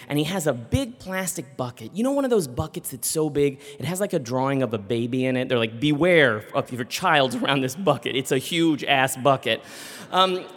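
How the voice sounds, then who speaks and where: A man telling a comic personal story live on stage, animated and acting out voices. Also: fairly high pitch, big-room sound. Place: theater stage.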